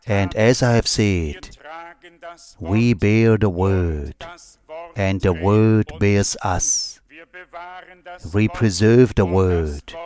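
A man preaching a sermon in slow, measured, short phrases. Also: fairly low pitch, a little mellow.

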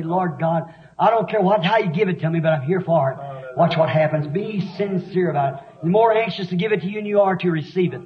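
A man preaching a sermon with fervent, rapid delivery that rises into shouts. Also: high-pitched. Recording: echoey dull lo-fi sermon recording.

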